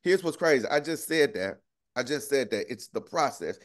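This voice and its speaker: A man's voice: mid-range voice, animated, moderate pace. Slangy preacher man, constant "right?". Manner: conversational, keeps asking "right?"; slangy, laughs often. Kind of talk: casual street-talk sermon.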